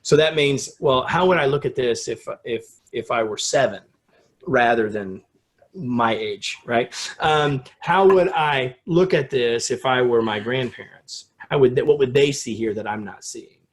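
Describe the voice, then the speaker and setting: A middle-aged man from the United States, a guest in a casual interview, telling a story with lively acted-out quotes. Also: measured pace. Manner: animated storyteller, acts out quotes with rising pitch.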